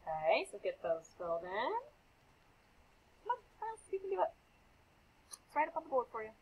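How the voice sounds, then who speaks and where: A woman's voice: on the high side, big pitch swings, normal speed, narrow, tinny audio, slight background noise. A young woman teaching a classroom phonics lesson, calling on students by name and repeating their answers with encouragement. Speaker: elementary school teacher.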